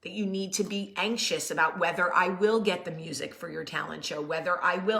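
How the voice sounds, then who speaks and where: Woman, a mother, with a bright voice; casual, earnest storyteller who turns soothing when she reassures. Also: medium pitch.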